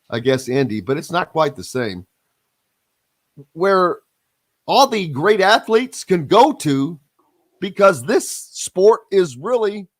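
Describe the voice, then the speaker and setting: A man, hosting a casual sports radio talk show with drawn-out, emphatic, opinionated delivery. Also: high-pitched, fairly bright tone, no room sound. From Southern Indiana.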